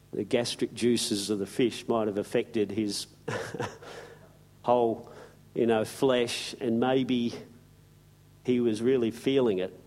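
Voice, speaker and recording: A man's voice: medium pitch, a little mellow. A man preaching a sermon, telling the story in a folksy, emphatic way with slang and asides.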